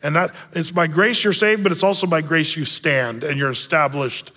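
A male pastor preaches in a relaxed, conversational way, often pausing on small fillers and restarting his phrases. His voice sits a little above the usual male range. The sound carries a long reverb, as if in a large hall. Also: on the high side. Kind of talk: sermon.

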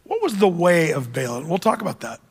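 A man's voice: fairly high pitch, sing-song, fairly quick, breathy edge, in a large hall. A man preaching a sermon, retelling scripture with jokey asides and acted voices.

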